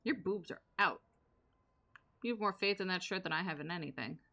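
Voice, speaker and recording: A young woman streams a game live, riffing on it in a sarcastic, joking way. Her voice sits on the lower side but has a bright, forceful edge. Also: a little fast. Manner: sarcastic, joking banter with chat. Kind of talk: casual live gameplay commentary.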